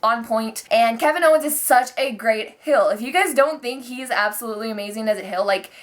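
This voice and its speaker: Young female vlogger, slightly high voice, profane casual recap. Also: a little fast. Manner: profane, chatty, mimics wrestlers in quoted bits.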